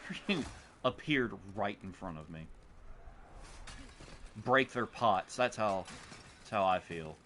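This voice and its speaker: A man playing a co-op game and chatting about it casually, excitable as he comments on the action. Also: on the low side, slow pace, pauses often, a little hiss or hum. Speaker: co-op gameplay streamer. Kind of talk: casual gaming chat.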